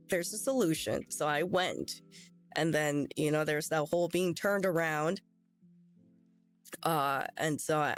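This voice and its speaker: A woman's voice: medium pitch, a bit bright. A woman streamer telling a story to her chat in a rambling, dramatic way, laughing through it. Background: faint music.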